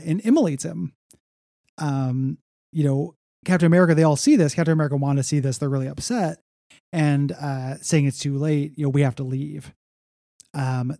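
A man's voice: a little high, dark tone, no echo, clean studio sound. A man co-hosting a casual comics podcast, recapping story beats in a rambling way with lots of fillers and quoted lines. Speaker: podcast co-host.

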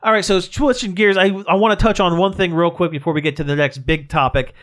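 A man's voice: high-pitched, fairly even intonation, fast, a bit bright. A man co-hosting a podcast in casual chat, joking and upbeat. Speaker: podcast co-host.

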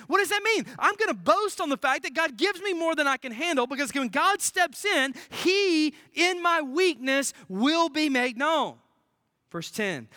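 A pastor preaching a sermon, swinging from emphatic declarations to hushed near-whispers and repeating key phrases. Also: high-pitched, very animated, normal speed, no room sound, clean studio sound.

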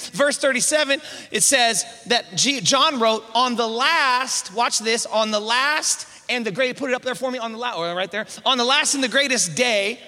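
Man, preacher, high bright voice, call-and-response sermon, long hall reverb. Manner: repeats words at starts of phrases.

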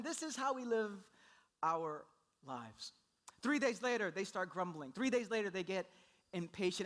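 Bright high-voiced preacher. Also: male voice. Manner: animated storytelling, acts out quoted voices. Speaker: pastor. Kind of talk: sermon.

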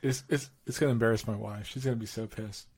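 A middle-aged man co-hosting a casual podcast chat, telling lively stories with slang and laughter. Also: on the low side, quick pace, husky. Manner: animated storytelling with laughs and slang. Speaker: podcast co-host.

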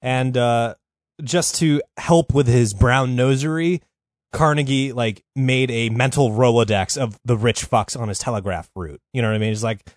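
A man's voice: medium pitch, moderate pace, no echo, studio quality. A man hosting a podcast, telling a history story in a loose, profane, rambling way with lots of fillers. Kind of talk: casual comedic storytelling.

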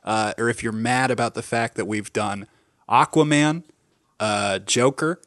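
A man's voice: mid-range voice, unhurried, fairly bright tone, no echo, clean studio sound. A man hosting a podcast, talking in a jokey, playful way. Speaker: podcast host. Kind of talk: casual chat.

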